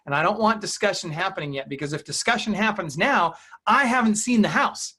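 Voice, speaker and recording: A man's voice: high-pitched, expressive, a little fast, pushed and bright, breathy edge. A man coaching real estate agents in an interview, talking emphatically and acting out client dialogue.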